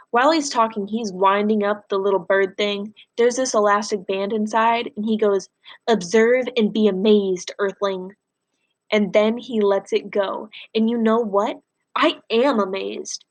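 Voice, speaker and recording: Woman teacher reading a story aloud. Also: on the high side. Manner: expressive, animated storytelling read-aloud. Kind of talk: reading a novel aloud in a recorded lesson.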